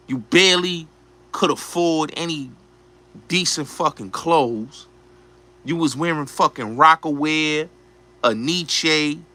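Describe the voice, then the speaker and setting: Slow, forceful ranting man. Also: a little high. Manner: blunt, profane, repetitive. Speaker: show host. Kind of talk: ranting commentary.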